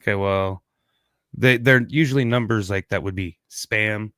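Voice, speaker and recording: Low-voiced rambling man, casual podcast chat. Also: measured pace, fairly bright tone, clear, resonant tone, dry recording, clean studio sound. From Kansas, USA. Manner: rambling, laid-back, trails off and restarts. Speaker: podcast co-host.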